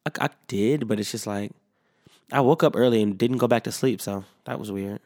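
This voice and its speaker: Lowish and darkish in tone, this man's voice moves briskly even as he rambles through a solo podcast, profane and full of fillers and restarts. He's yawning and sleepy and slightly sick, and the studio sound is clean with no echo.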